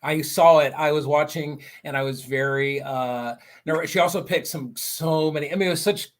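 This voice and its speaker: A man's voice: fairly high pitch, steady tone, moderate pace. A man, an author guest on a casual live-stream chat, telling rambling self-deprecating stories.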